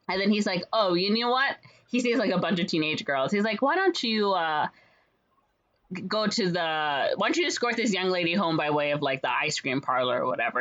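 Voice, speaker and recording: A woman casually retelling a story's plot in a rambling way, full of fillers and quick quoted voices. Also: sits low, fairly bright tone. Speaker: podcast co-host retelling a musical's plot. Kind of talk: casual chat. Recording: slightly dull lo-fi audio.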